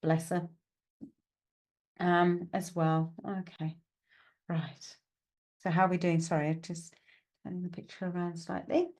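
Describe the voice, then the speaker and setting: Low-ish and a little mellow, her voice stays level and unhurried, with frequent pauses. She's doing a live psychic mediumship reading, talking chattily and reassuringly with plenty of "okay" and "right," and she's self-mocking, laughing at her own asides.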